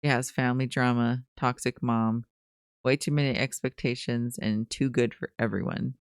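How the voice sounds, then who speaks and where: Podcast co-host, casual chat, deadpan blunt summaries, clear resonant voice. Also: medium pitch, moderate pace, no room sound. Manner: dry, blunt one-word character summaries.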